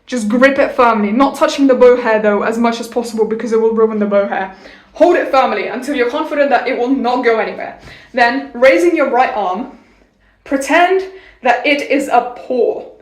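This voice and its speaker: Playful high-voiced woman teaching violin. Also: moderate pace. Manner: playful, jokey, theatrical asides. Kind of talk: casual video lesson. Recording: roomy echo.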